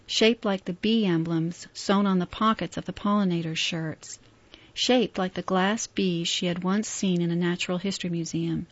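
A woman narrates a story aloud in a steady, measured voice. The recording sounds dry and slightly muffled, a plain lo-fi capture. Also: fairly low pitch, no room sound. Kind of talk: audiobook narration.

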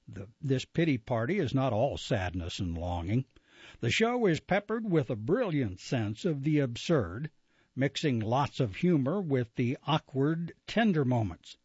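Announcer, male, animated sing-song delivery of event listings, dry and slightly muffled sound. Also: mid-range voice, breathy edge, no room sound. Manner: lively, self-correcting, with asides. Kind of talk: reading an events calendar.

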